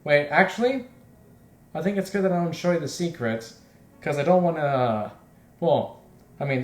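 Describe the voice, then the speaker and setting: A man's voice: mid-range voice, a little mellow. A man hosting a let's play, reading the story aloud and rambling in chatty asides. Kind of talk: casual game commentary and reading. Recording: echoey room with faint noise.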